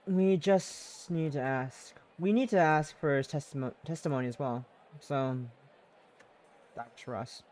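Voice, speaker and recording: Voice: mid-range voice, a little slow, darkish tone, pitched below the performer's own voice, lightly acted. A streamer voicing a polite, businesslike police detective.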